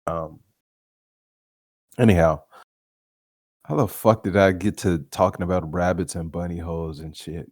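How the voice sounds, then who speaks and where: A man hosts a podcast as a casual storytelling monologue, his voice sitting low, a little mellow, and fairly even in intonation. He is unhurried with long pauses, laughs often, and swears freely, and the studio sound is clean with no echo.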